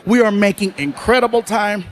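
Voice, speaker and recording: A man telling animated stand-up stories, breaking into shouts on the punchlines. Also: sits high, moderate pace. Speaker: stand-up comedian. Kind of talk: stand-up storytelling.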